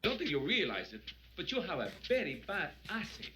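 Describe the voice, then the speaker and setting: A man's voice: sits high, wildly swooping pitch, brisk, bright, forceful tone, slight background noise, voice pushed up, full character voice. A man putting on a second voice that mock-scolds someone for a bad accent. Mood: teasing.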